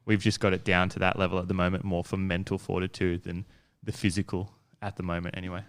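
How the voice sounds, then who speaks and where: A man co-hosting a podcast, explaining things in a relaxed, plain way. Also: deep voice, quick pace, smooth. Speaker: podcast co-host. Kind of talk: casual chat.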